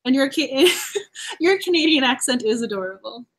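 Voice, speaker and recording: A woman hosting a casual chat about books, chatty and quick to laugh. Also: high voice, expressive. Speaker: host.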